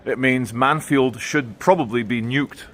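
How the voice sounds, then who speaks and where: A man's voice: mid-range voice, a little slow, fairly bright tone. A man giving blunt, sarcastic commentary in a vlog while walking outdoors through town streets. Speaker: vlogger.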